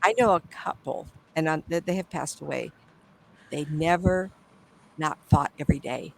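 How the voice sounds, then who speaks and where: An older woman, a psychic medium, telling stories in a casual interview, animated and acting out the people she quotes, often trailing off and starting over. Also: deep voice, normal speed, gravelly, low-quality recording. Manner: animated, acts out quoted voices, trails off and restarts.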